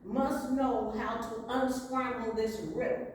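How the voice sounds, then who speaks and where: A woman's voice: fairly high pitch, steady tone, takes it slowly, a little hiss or hum. A woman voicing a young farm boy who pleads earnestly with the farm animals for help. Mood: pleading. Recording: echoey hall, voice from far off.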